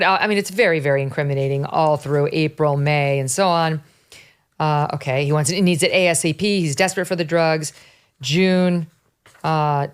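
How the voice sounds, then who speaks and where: A woman's voice: sits low, normal speed, clean tone. A middle-aged woman hosting a talk show, reading documents aloud and breaking off for pointed, incredulous asides. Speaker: show host.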